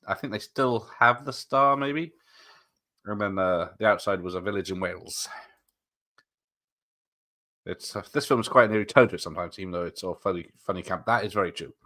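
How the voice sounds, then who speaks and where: Casual male streamer, lowish voice, bright edge, chatty and laughing. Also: fairly quick, pauses often. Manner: chatty, laughs often, answers chat. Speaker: watch party streamer. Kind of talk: casual live commentary.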